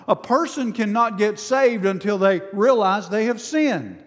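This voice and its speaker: Pastor man preaching, high voice, slows way down on the prayers, echoey church hall. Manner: preaching with rising emotion, slowing down on quoted prayers. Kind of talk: sermon. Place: church sanctuary. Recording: reverberant church sanctuary.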